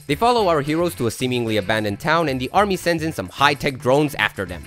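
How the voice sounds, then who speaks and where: A man's voice: medium pitch, big pitch swings, quick pace, over music. A man narrating a comedic movie recap with sarcastic, jokey asides.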